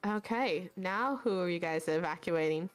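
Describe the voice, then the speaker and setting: A woman's voice: on the low side, lively intonation, normal speed. A woman narrating a tabletop game as game master, in a casual way full of fillers.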